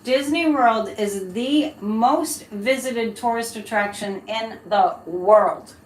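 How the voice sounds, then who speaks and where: A woman's voice: fairly high pitch, slow. A woman hosting a live-stream psychic reading, chatting loosely with viewers and laughing between remarks. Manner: chatty, laughing, rambling asides to chat. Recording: echoey room, faint background hiss.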